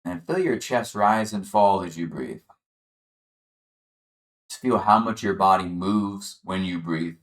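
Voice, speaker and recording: A man leading a chair yoga class, calmly guiding the listener through breathing and gentle movement. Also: low-pitched, slow pace, long pauses, reverberant. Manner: calm, encouraging, guiding the breath step by step. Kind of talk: guided exercise instruction.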